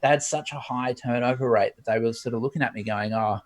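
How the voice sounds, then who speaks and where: Man telling a lively story. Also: mid-range voice, fast talker. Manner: lively storyteller who acts out dialogue. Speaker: guest, 3D modeler. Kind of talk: storytelling interview.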